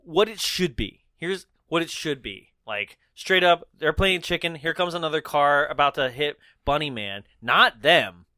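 A man co-hosting a casual movie recap chat, animated and laughing often as he acts out the characters' lines. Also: on the high side, a little slow, few pauses, no echo, studio quality. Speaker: podcast co-host.

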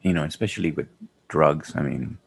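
Gravelly, rambling male co-host. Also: a bass voice, a little fast. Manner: rambling, swears freely. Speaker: podcast co-host. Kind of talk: casual podcast chat.

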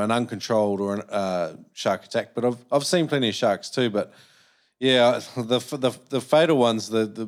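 A male podcast host in casual conversation, relaxed, with many fillers. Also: on the low side. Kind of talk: casual chat.

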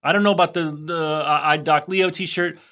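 A man's voice: on the high side, steady tone, bright, forceful tone. A man co-hosting a podcast, chatting casually in a playful, teasing way. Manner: playful, teasing, quick to riff. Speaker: podcast co-host. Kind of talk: casual chat.

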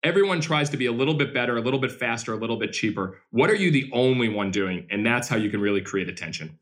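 A man with a mid-range voice who tells stories with lots of energy, his pitch jumping up when he gets excited. He answers an interviewer's questions about running his team in a lively, upbeat way. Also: fast. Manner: energetic, animated storyteller. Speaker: baseball team owner.

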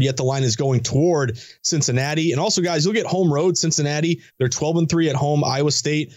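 A man joining a sports show to break down betting picks, talking at a quick clip. He is energetic and reels off numbers and trends with casual asides. His voice sits a little high and the sound is dry and close. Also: no room sound. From New England. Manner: energetic, rapid-fire stats with casual asides. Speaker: sports betting guest analyst. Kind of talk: fast sports betting talk on a call-in line. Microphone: phone or remote line.

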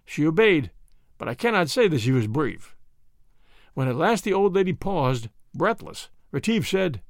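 A man narrating a story in an expressive audiobook style. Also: on the high side, moderate pace, gravelly, dry recording, studio quality.

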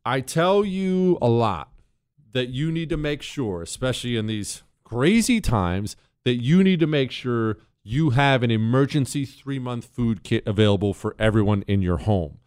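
A man's voice: medium pitch, animated, normal speed, darkish tone, smooth. A man hosting a call-in radio talk show, brash and joking as he talks.

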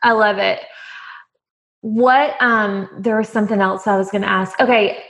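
A woman's voice: medium pitch, fairly even intonation, moderate pace, a bit bright. A woman hosting a casual interview, enthusiastic and affirming toward her guest. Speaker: interview host.

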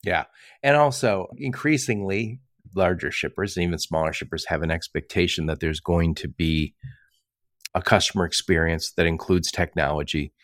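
A male podcast host with a lowish voice talks in a chatty, storytelling way. He acts out quoted back-and-forths and laughs often, recorded dry and close. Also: normal speed, a bit bright, no room sound. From Michigan. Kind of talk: casual podcast conversation.

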